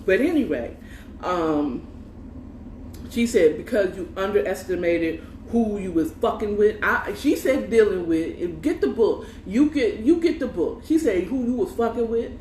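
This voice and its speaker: A woman's voice: medium pitch, expressive, a little slow, a little mellow, slight background noise. A woman casually recapping a story at home, animatedly quoting the characters and swearing freely. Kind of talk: casual recap with quoted lines. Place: home room. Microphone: earbuds with mic. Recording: echoey room, slightly distant mic.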